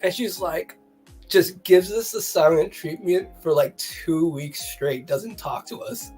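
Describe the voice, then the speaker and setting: Husky, animated storyteller over soft music. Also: medium pitch, unhurried. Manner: animated, laughing storyteller with frequent fillers. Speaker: guest. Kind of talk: casual storytelling chat.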